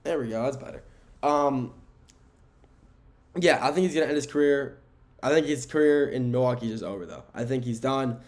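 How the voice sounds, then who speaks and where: A man's voice: medium pitch, normal speed, long pauses, darkish tone. Casual rambling man on a sports podcast. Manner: casual, rambling, with self-corrections and fillers. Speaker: podcast host. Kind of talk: solo sports podcast talk. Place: indoor room with window blinds.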